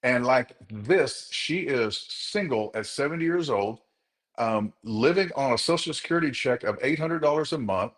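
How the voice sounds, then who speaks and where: A man speaks to a group in a motivational talk, telling them a story about his day. His voice sits at an ordinary middle pitch. He is earnest and repeats words to drive a point home. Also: expressive, normal speed, fairly bright tone. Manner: addresses the group directly. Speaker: chiropractor leading a group session.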